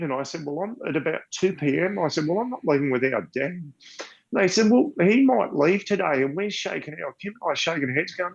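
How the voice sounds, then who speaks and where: A man's voice: on the high side, animated, brisk, gravelly, slightly rough. An older Australian man telling a long story as a podcast guest, rambling and repeating words, sometimes emotional. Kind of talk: casual storytelling. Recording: dull lo-fi sound.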